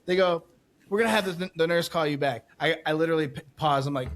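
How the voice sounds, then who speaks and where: A male podcast host with a slightly high voice, chatting casually and spinning a story. He acts out each exchange in his own retelling and swears freely as he heats up. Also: fast talker, fairly bright tone.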